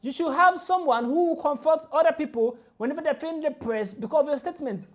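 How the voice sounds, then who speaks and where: A woman's voice: sits high, brisk. Indignant woman ranting in reaction. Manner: emphatic, indignant, repeats points forcefully. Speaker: reaction video host.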